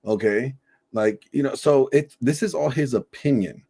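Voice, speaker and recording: A middle-aged man co-hosting a reaction show, telling stories in a loose, animated, profane way. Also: medium pitch, moderate pace, breathy edge. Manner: animated storyteller, swears freely. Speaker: podcast co-host reacting to a video. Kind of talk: casual profane reaction chat.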